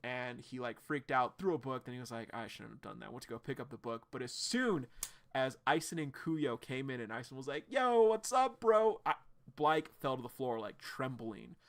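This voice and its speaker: A man live-streaming his reaction to a webcomic, recapping it casually with lots of fillers and sudden excited outbursts. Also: medium pitch, normal speed.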